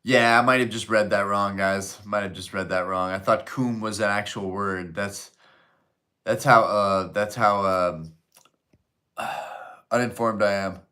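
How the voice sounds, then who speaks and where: A young adult man hosting a live stream, chatting casually and profanely while reading chat out loud. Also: on the low side, fairly even intonation, a little slow.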